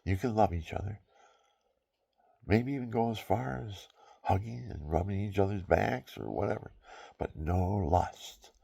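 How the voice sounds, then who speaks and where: A man's voice: fairly low pitch, unhurried, gravelly, dark tone, husky. A man in his seventies, a veteran, talking in a rambling, digressive way with chuckles at his own asides. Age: 70s. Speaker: veteran speaking his mind. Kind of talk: rambling casual monologue.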